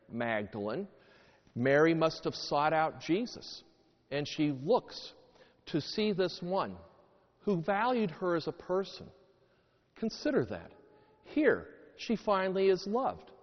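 Animated priest preaching in echoing church. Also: male voice, fairly high pitch, lo-fi sound. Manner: animated storytelling with dramatic emphasis; folksy jokes and asides to the congregation. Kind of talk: sermon.

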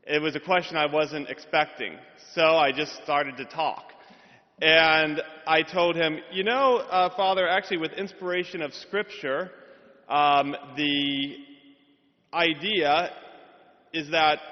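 A male priest giving a homily, telling a humorous, self-deprecating story in a church. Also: a little high. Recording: reverberant hall, dull sound.

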